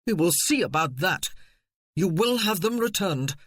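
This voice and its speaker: Reader doing calm, protective officer husband, firm, unhurried. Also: male voice, high voice, no echo, studio quality, exaggerated voice. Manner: maddeningly calm, firm, reassuring. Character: steady male military officer, calm and protective.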